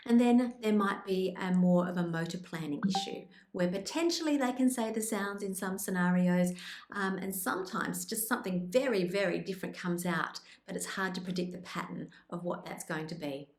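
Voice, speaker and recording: A woman speech pathologist presenting tips in an instructional video, with a calm, clear explanatory delivery. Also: on the low side, normal speed, echoey room. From Australia.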